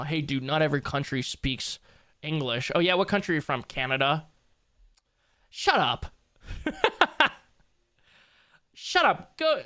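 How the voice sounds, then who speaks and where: A man's voice: fairly high pitch, bright, forceful tone. A young man livestreaming, chatting casually with his viewers in a loose, joking, slangy way and laughing easily.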